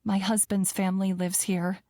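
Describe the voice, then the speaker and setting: A woman reading an audiobook voices a timid maid who speaks softly and hesitantly. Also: medium pitch, level tone, moderate pace, dry recording, close to an everyday voice. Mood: meek. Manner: hesitant, soft. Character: timid young maid, unsure and meek.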